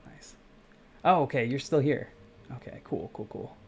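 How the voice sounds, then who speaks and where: Gravelly, chatty young man from the Midwest. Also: medium pitch, expressive, moderate pace, a little mellow. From Midwestern United States. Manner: rambling, self-correcting, chatty with viewers. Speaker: game developer streaming live. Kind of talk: casual live-stream chat while coding.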